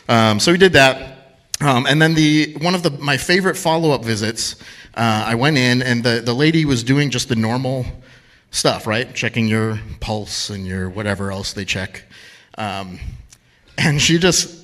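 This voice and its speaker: A man's voice: medium pitch, moderate pace, fairly bright tone. A man telling a funny true story on stage at a live storytelling event, chatty and self-deprecating, laughing at himself.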